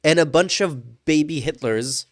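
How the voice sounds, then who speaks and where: A man hosting a livestream, chatting casually in a relaxed, easygoing way. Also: on the high side, unhurried, dry recording, clean studio sound. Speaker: livestream host. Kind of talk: casual chat.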